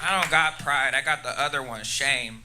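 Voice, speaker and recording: A man's voice: medium pitch, moderate pace, over a noisy crowd. A man doing a crude, punchy stand-up set on a comedy club stage, laughing at his own jokes. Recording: noisy live club room.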